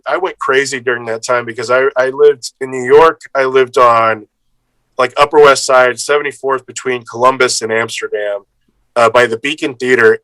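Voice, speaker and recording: A man, an improv performer, telling a casual anecdote with lively energy, acting out other people's lines and swearing freely. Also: medium pitch, dry recording, rough recording.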